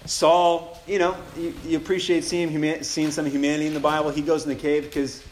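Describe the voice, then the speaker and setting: A man preaches at a retreat in quick, loose bursts, slipping into slangy asides as he tells the story. His voice rings in an echoey room, and a faint hum of ambience sits underneath. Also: a little high, flat delivery, a little mellow. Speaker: campus ministry speaker. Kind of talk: casual retreat sermon.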